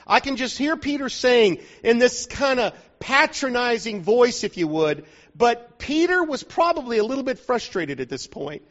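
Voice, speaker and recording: A man's voice: very high voice, very animated, normal speed, fairly bright tone. A man preaching a sermon in a conversational, joking way, often asking the listeners whether they are following, in a dull lo-fi recording from a church hall.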